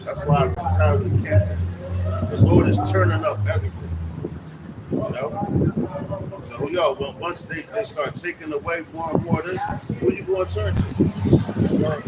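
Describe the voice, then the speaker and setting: A man's voice: fairly high pitch, big pitch swings, moderate pace, far from the mic. A man preaching in an emphatic, slangy way during a street ministry discussion, often calling the listener "man" and "bro". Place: city street outdoors. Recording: loud street traffic, voice off-mic. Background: traffic noise.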